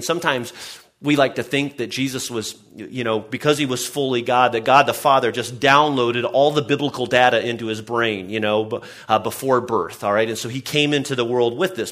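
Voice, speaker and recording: A man's voice: medium pitch, fairly bright tone. A man preaching a sermon to his congregation in an earnest way, often restarting and saying "I mean". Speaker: pastor.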